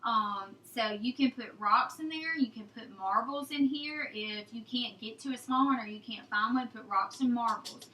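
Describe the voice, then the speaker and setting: A young woman with a drawl talks viewers through a hands-on homestead how-to in a chatty, folksy way. Her voice sits high and bright. The room around her is noticeably echoey. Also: moderate pace, hardly any pauses, slight background noise. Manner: chatty, folksy, addresses viewers as y'all and guys. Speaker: homesteading vlogger. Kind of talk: casual how-to talk.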